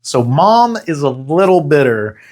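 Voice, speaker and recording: A man's voice: fairly high pitch, big pitch swings, a little slow, darkish tone. A man hosting a comedic movie recap, narrating the plot with sarcastic jokes. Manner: sarcastic, jokey. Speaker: host.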